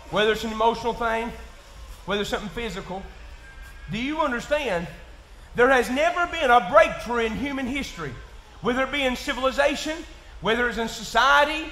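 A man with a Kentucky accent preaching in church, folksy and plain-spoken, dropping to quiet asides and rising to shouts. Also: very high-pitched, fairly quick, slight background noise. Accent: Southern US, Kentucky. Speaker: pastor. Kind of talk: sermon. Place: church sanctuary. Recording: echoey church room.

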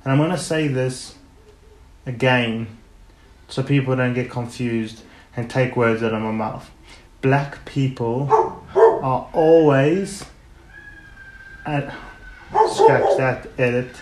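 A man hosting a podcast in a casual ranting monologue, emphatic and sarcastic, hitting words loudly and then dropping into muttered asides. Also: mid-range voice, steady tone, unhurried, long pauses. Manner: emphatic, sarcastic, swings between loud stresses and muttered asides. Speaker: podcast host. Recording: roomy echo with faint background noise.

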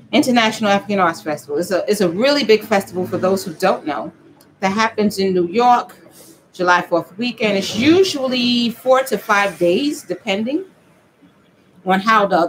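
A woman, possibly older, chatting casually as she makes soap for her vlog, telling playful stories in a lively, animated way. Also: medium pitch, slight background noise. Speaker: vlogger. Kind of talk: casual chat while making soap.

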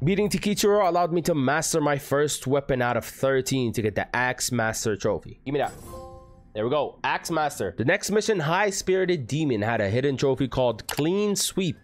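A young man giving excitable gameplay commentary with narration, breaking into yelps and shouts and joking trash talk. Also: medium pitch. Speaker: gaming video creator.

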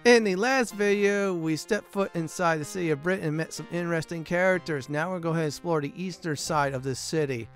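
A man's voice: on the high side, fast talker, hardly any pauses, faint music behind. A man hosting a let's play, chatting casually with fillers while exploring a game. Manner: casual, rambling, many fillers. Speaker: gaming channel host.

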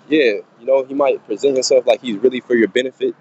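A man preaching informally into his phone, reading scripture slowly and haltingly, then riffing in a rough, profane way that fills every pause with "man" and "you know". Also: medium pitch, a little mellow, highs cut off, a little hiss or hum. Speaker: street preacher. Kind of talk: informal scripture teaching monologue.

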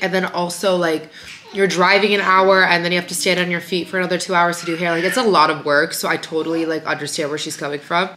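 A woman's voice: on the low side, pushed and bright, slight background noise. Chatty young woman, stuffy nose. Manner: chatty, lots of "like" and "you guys". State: nasal from a cold. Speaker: vlogger, mother. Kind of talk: casual vlog chat. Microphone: handheld compact camera.

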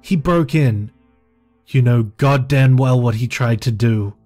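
A man's voice: mid-range voice, measured pace, darkish tone, soft background music, pitched above the performer's own voice, natural voice. A man reading aloud voices a cold, commanding and dangerous young woman in a horror story. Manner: commanding, intense.

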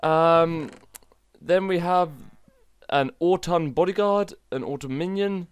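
Gaming host, excitable, self-mocking mod showcase commentary, dry close sound. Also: male voice, on the high side, slow pace, clear, resonant tone, no echo.

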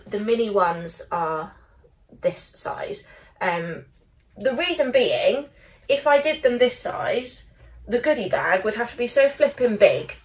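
A woman's voice: mid-range voice, a little hiss or hum. A young woman chatting casually in a vlog from her small studio office, rambling with lots of ums. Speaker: small stationery business owner. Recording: voice a bit far from the mic.

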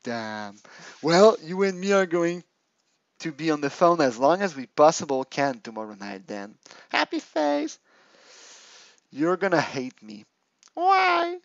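A man voicing a lovesick, queasy young boyfriend in a comedic chat-log reading, mumbling low and mushy. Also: no room sound, lo-fi sound.

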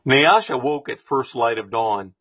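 A man reading a children's storybook aloud in a steady, expressive way, close to the mic. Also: mid-range voice, a little slow, husky, dry recording. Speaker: reader.

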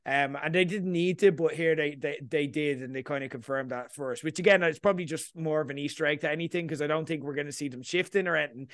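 A man hosting a casual podcast chat, talking in an animated way and often asking "you know what I mean". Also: on the high side, quick pace, few pauses, dry recording. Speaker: podcast host. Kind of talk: casual chat about a TV episode.

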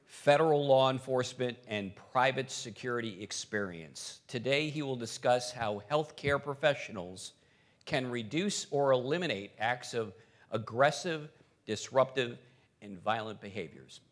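A man's voice: medium pitch, unhurried. A man emceeing a conference, introducing the next speaker with playful teasing banter. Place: conference hall with audience.

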